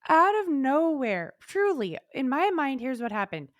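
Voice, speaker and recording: A woman co-hosting a podcast in casual chat, telling stories in an animated way and acting out her own thoughts. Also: sits high, measured pace, no room sound, clean studio sound. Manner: animated storytelling, acts out her own inner voice. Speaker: podcast co-host.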